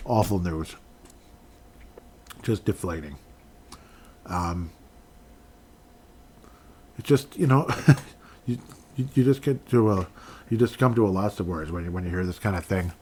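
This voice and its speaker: Man, sports podcast host, rambling, lowish voice, faint hiss behind. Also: unhurried, pauses often, darkish tone. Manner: rambling, self-correcting, emotional. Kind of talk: solo sports podcast talk.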